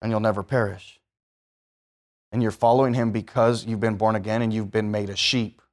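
A man's voice: on the low side, little pitch movement, moderate pace, darkish tone. A man, sounding, preaching a sermon in a conversational way that rises to emphatic bursts and puts questions to the listeners.

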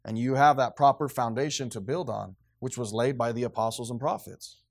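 A man's voice: medium pitch, fairly even intonation, a little fast, gravelly. A man preaching a sermon in a church, emphatic, with frequent restarts. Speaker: pastor.

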